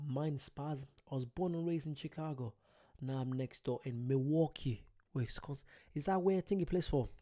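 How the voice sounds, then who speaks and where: Late at night in his home, a British channel host chats casually through his first live stream and welcomes viewers by name. He has a mellow, mid-range voice.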